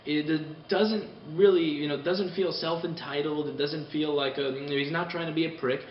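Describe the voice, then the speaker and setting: A man casually ranting on a vlog, animated, rambling and profane, heard from a distance. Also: a little high, moderate pace, a little hiss or hum. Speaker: repair shop owner vlogging. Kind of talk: casual spoken rant. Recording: distant mic in a roomy space, dull sound.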